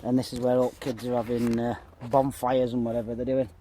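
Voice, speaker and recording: A man's voice: mid-range voice, flat delivery, fairly quick, warm tone, slight background noise. A man talking casually to a handheld camera outdoors by a pond, a bit out of breath and rambling with fillers. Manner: rambling, chatty, lots of uh and so. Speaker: fishing vlogger. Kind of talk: casual vlog talk to camera.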